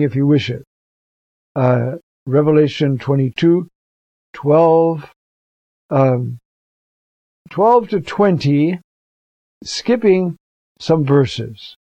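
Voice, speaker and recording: A man's voice: medium pitch, dry recording. An older man, a priest, giving a conversational, earnest commentary on scripture readings for preachers. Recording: dull, dry recording.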